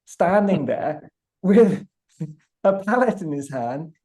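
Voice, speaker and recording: A British man with a mellow, warm tone tells a lively anecdote as a podcast guest. He builds the story step by step, often restarting his phrases as he goes. His voice keeps a relaxed, unhurried warmth. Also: fairly high pitch. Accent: British English. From Britain. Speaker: guest artist. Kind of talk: animated storytelling.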